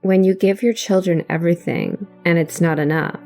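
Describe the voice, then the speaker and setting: A woman's voice: on the low side, steady tone, moderate pace, darkish tone, faint music behind. A woman with a cold and a nasal voice, guest hosting a true crime podcast in scripted narration.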